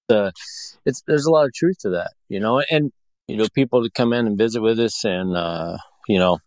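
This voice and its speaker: A man's voice: fairly low pitch, moderate pace, a little mellow, dry recording. A man from the Pacific Northwest chatting casually as a podcast guest, rambling with lots of fillers and restarts. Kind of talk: casual chat.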